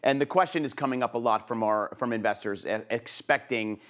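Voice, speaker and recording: A man's voice: medium pitch, a little fast, a bit bright. Friendly conversational male host. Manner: friendly, conversational, laughs easily. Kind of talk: hosted interview and sign-off.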